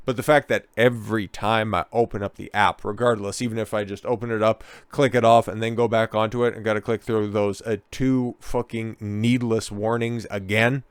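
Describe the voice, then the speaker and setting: A man in a low register rants through political commentary, profane and sarcastic throughout. His voice is smooth and clean, recorded dry and close. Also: level tone, a little fast, few pauses, no echo. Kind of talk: ranting commentary.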